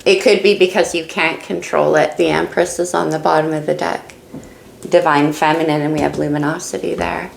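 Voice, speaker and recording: A woman's voice: low voice, little pitch movement, normal speed, vocal fry, reverberant, a little hiss or hum, low-quality recording. A woman doing a casual tarot reading, musing and thinking aloud as she turns each card. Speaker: tarot reader.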